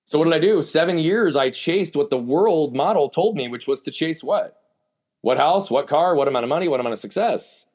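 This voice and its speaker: On a podcast, a guest with a higher-pitched, darkish voice speaks fairly quickly and with lively intonation. He shares his story candidly and with emphasis, asking himself rhetorical questions along the way.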